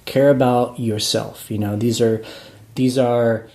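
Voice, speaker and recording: Man, American, co-host, relaxed joking delivery, mid pitch. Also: takes it slowly. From United States. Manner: joking, teasing. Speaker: podcast co-host. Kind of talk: casual chat.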